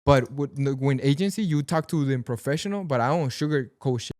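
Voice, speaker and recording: His medium-pitched voice is animated and darkish, moving at a moderate pace in a clean, dry studio recording. A young podcast guest from Pacoima, Los Angeles, whose mother is Sinaloan and who has a Mexican-American accent, he tells relaxed stories, code-switches between Spanish and English, repeats "bro," and performs the voices of people he quotes.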